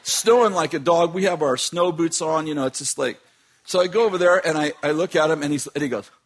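A man's voice: a little high, brisk. A man who runs a business telling a long funny story in a casual way, laughing often as he talks.

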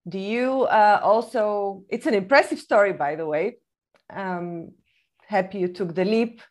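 A woman hosting a podcast, asking interview questions with a relaxed manner. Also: mid-range voice, unhurried. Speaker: podcast host.

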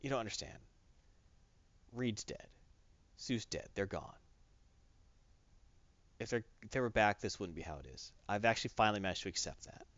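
A man voicing a gruff, weary male strongman, speaking low and resigned. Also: lively intonation, moderate pace, pauses often, a bit bright, dry recording. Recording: dull, dry lo-fi recording.

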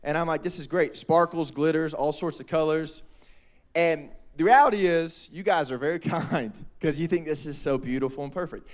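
A young man, preaching a lively, joking youth sermon. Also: fairly high pitch, moderate pace. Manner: animated, joking, quotes people in voices. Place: church hall.

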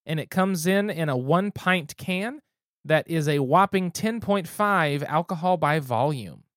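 A man's voice: fairly high pitch, animated, a little slow, a bit bright, no echo, clean studio sound. A man hosting a casual podcast, talking in an easygoing, descriptive, good-humored way. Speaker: podcast host.

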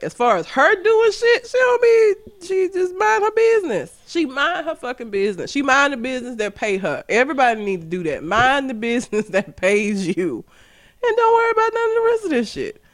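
Very high, lively, blunt-talking man. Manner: blunt, opinionated ranting. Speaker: podcast co-host. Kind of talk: casual chat.

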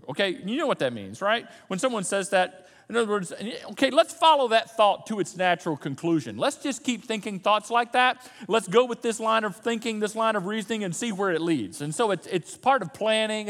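A man preaching a sermon as pastor, animated, swinging from loud emphasis to soft, low asides. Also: in a large hall. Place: church sanctuary.

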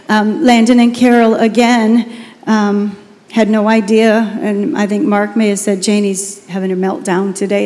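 A pastor's wife telling a personal testimony during a sermon in an emotional, animated way. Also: female voice, fairly high pitch, long reverb tail.

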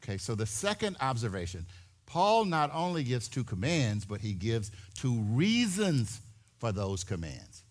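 A man preaching a sermon in a church, animated, building to shouts and repeating his words. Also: mid-range voice, measured pace. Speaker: pastor.

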